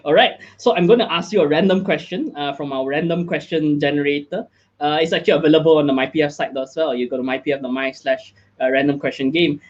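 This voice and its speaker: A man's voice: a little high, brisk, dull audio. A man hosting a casual live chat, upbeat and chatty. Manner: upbeat, chatty, frequent laughs and fillers. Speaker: host.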